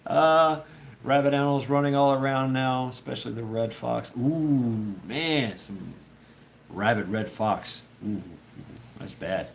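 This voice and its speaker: A man's voice: medium pitch, unhurried, vocal fry, a little hiss or hum. A man telling a rambling, profane story in casual chat with his viewers, often laughing. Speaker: livestreamer chatting with viewers.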